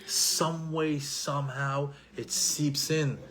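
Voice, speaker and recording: A middle-aged man giving an animated Torah lesson, repeating himself and mixing in Hebrew terms. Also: fairly high pitch, moderate pace. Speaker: Torah teacher.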